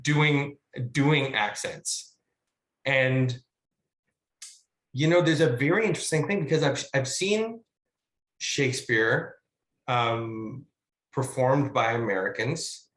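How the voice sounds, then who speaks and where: Chatty actor musing in an echoey room. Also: male voice, mid-range voice, a bit bright. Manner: musing, chatty, with many fillers and restarts. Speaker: guest artist, actor. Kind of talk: casual webinar discussion. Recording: roomy echo.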